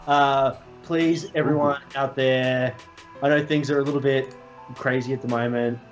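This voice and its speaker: A man acting as game master, narrating a tabletop game slowly with drawn-out phrasing and fillers. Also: mid-range voice, fairly even intonation, faint music behind.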